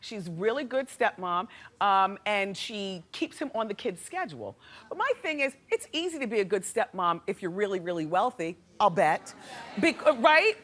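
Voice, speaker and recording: A woman hosting a talk show, delivering an animated, sassy gossip monologue to a studio audience. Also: medium pitch, normal speed. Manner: animated, chatty and sassy, laughing often. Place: television studio with a live audience. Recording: studio with audience noise behind.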